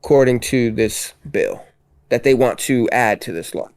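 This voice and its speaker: A man who works as a teacher, co-hosting a podcast in relaxed, halting casual chat. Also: mid-range voice.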